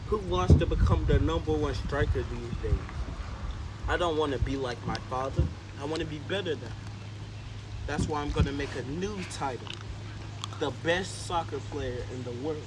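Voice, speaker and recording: A man voicing a cocky young male soccer rival who brags and taunts in an everyday voice, with loud background noise. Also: fairly high pitch, moderate pace, natural voice. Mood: boastful. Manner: taunting, bragging.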